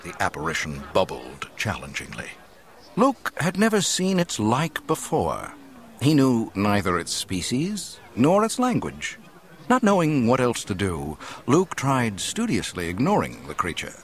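A man reads an adventure story aloud with a lowish voice that rises and falls widely. His telling is dramatic and expressive, leaning into the action scenes. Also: a little slow. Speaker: audiobook narrator. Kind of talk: scripted narration.

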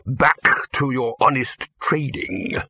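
A desperate, smarmy wizard, as a male narrator puts him on, pleading and scheming in a syrupy way. Bright and somewhat husky, in a dry close audiobook sound. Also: mid-range voice, slow pace, dry recording, exaggerated voice.

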